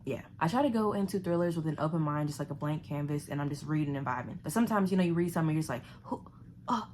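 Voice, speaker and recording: A young woman talks through a thriller she just read in a chatty, animated home vlog. Now and then she drops into a hushed whisper. A faint hiss sits under her voice. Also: low voice, very fast. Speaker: book vlogger. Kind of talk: casual chat reviewing a thriller. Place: home living room.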